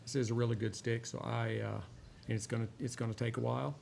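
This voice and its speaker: Gravelly man chatting casually. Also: medium pitch, quick pace. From Texas. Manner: rambling, relaxed, many "uh" fillers. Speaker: host of a cigar and whiskey review show. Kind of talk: casual chat while smoking a cigar. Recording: faint background noise.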